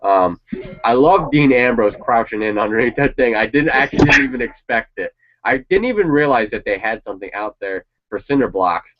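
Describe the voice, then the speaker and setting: A man's voice: mid-range voice, lively intonation, fairly quick. A man chatting casually and swearing now and then as he reacts to a wrestling show. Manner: rambling, opinionated, swears casually. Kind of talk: casual chat. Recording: dull lo-fi sound.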